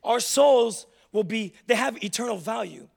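A young adult pastor preaches in church with an extremely high, animated voice edged with vocal fry, speaking at normal speed. He tells funny, confessional stories to drive his point home.

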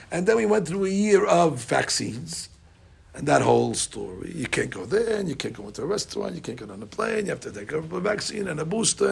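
A man, a rabbi, giving a storytelling sermon that swings between hushed and loud. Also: high voice, vocal fry, husky. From United States.

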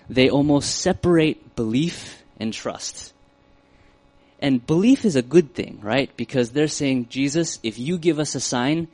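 A man's voice: mid-range voice, a little mellow. A man giving a casual, conversational Bible teaching, thinking aloud with fillers and correcting himself as he goes.

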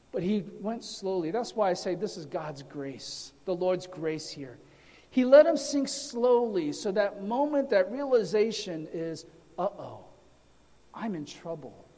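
A man, a pastor, teaching a sermon in a deliberate way, his voice trailing off quietly at the ends of phrases, in a church sanctuary. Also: sits high. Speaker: pastor teaching a Bible study. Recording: long reverb of a large hall.

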